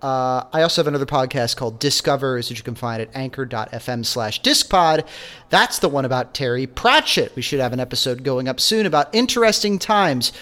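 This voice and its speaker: A man's voice: medium pitch, animated, brisk, fairly bright tone. A man co-hosting a podcast in casual chat, rambling, swearing and correcting himself as he goes. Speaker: podcast co-host.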